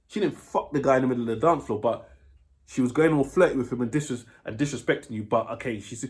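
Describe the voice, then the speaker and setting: A man's voice: mid-range voice, fast talker, a little mellow. A man with a British accent, giving blunt dating advice in a casual monologue, swearing freely and checking in with his listener.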